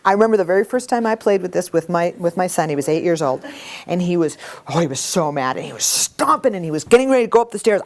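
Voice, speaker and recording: A middle-aged woman teaching a communication workshop to a live group, talking in a lively, animated way. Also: on the low side, quick pace. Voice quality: animated storytelling with acted quotes. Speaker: workshop instructor.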